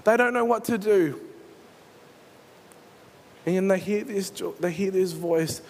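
A man's voice: high voice, slow, pauses often, a little mellow, slight background noise. A male pastor, preaching a sermon and retelling a story with earnest storytelling. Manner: earnest storytelling, dramatizes scenes.

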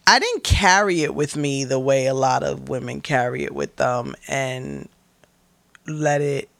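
A woman's voice: extremely low pitch, a little slow, vocal fry, no room sound. A young woman guest in an interview, speaking candidly and bluntly with profanity, acting out quotes as she tells her stories. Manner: blunt, profane, animated storytelling with acted-out quotes.

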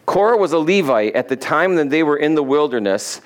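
A man's voice: on the high side, lively intonation, fairly quick, clean tone. A male pastor giving a sermon, retelling Bible stories in a casual, conversational way and acting out the characters.

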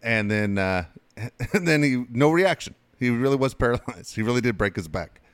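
A man's voice: mid-range voice, animated, moderate pace, clean tone, no echo. A man co-hosting a talk show, telling crude stories bluntly. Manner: blunt, crude storytelling with laughs. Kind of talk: casual chat.

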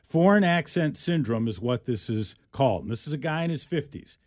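A man's voice: mid-range voice, lively intonation, brisk, darkish tone, no room sound, studio quality. A man co-hosting a radio show, chatting casually and jokingly about an odd news story, often restarting his sentences. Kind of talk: casual talk radio banter.

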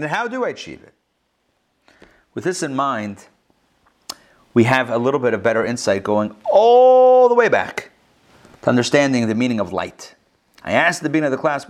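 A man, a rabbi, teaching a live Torah class in a conversational way, with lots of rhetorical questions. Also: on the high side. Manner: conversational, many fillers and restarts, rhetorical questions. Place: school classroom.

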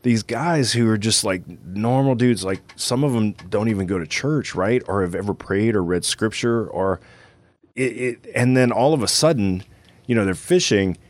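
A man with a very deep, low voice and a Cajun accent hosts a relaxed radio and podcast conversation. He rambles easily, filling his thoughts with "you know" and "right?". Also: normal speed, no room sound. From Louisiana. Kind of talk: casual chat.

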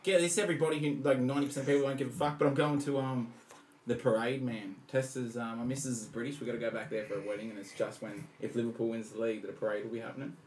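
A young Australian man co-hosting a podcast in casual banter; he laughs often, swears and gets excitable. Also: mid-range voice, fast talker. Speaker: podcast co-host. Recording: roomy sound, faint background noise.

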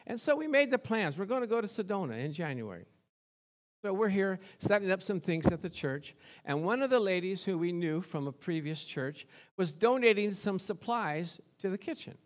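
A high-voiced man preaching a sermon. He builds his delivery into excited bursts, calls out for amens and tells stories from his own life. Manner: rising to excited preaching with call-and-response. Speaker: pastor.

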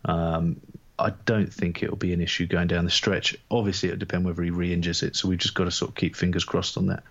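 Male co-host, low voice, muffled lo-fi recording, steady sports talk. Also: fairly quick. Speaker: podcast co-host. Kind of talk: casual sports chat.

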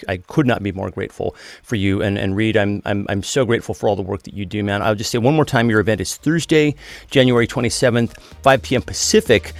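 A man's voice: fairly low pitch, vocal fry, no room sound. A man hosting a podcast, friendly and casual, who calls his guest dude and man and often restarts his sentences. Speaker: podcast host. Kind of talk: podcast interview and sign-off.

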